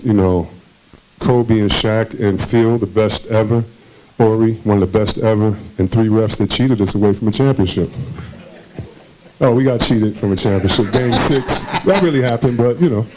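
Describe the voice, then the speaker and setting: His voice sits on the low side and sounds mellow, though the poor audio has a bit of hiss or hum. As a former basketball player in a conference-stage interview, he tells stories in a relaxed, animated manner, impersonating those he quotes and laughing a lot.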